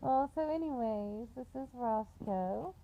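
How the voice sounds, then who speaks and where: A woman's voice: on the high side, animated, measured pace, creaky, a little hiss or hum. A woman, chatty and doting, filming a casual video at home with a handheld camera. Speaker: pet owner vlogger. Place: at home with pets. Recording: dull home recording.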